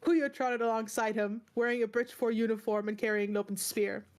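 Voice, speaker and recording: Woman host reading aloud, slightly high voice, laughing and self-correcting. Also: flat delivery, moderate pace. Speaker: book club host, reader. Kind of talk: read-aloud storytelling.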